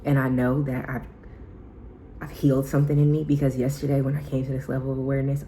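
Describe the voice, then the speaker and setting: A woman vlogger giving a heartfelt self-help talk in a soft, intimate, casual way, often slipping into whispers. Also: extremely low pitch, little pitch movement, quick pace, slight background noise, poor audio.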